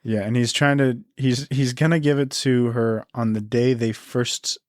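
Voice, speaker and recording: A man's voice: medium pitch, steady tone, normal speed, dry recording, studio quality. A man co-hosting a podcast, chatting about a book in a laid-back way with joking asides. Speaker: podcast co-host. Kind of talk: casual book discussion.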